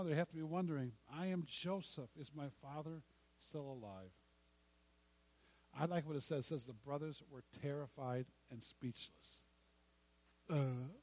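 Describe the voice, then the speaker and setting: A man preaching a sermon, telling a story dramatically with repeated lines and long pauses. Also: fairly high pitch, darkish tone. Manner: dramatic, acts out quoted lines with pauses and repetition. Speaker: pastor.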